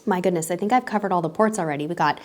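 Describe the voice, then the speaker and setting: A woman's voice: on the low side, racing, darkish tone. A woman in her thirties, a travel vlogger, talking casually and cheerfully to her viewers with small self-corrections. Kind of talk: casual vlog talk to camera.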